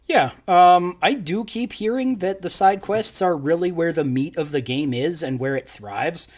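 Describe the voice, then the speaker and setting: A young male co-host talking loosely over a live stream. His voice sits a little on the high side, and he rambles, restarts and laughs as he goes. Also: unhurried. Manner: rambling, laughing, self-interrupting. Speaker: podcast co-host. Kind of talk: casual live-stream chat.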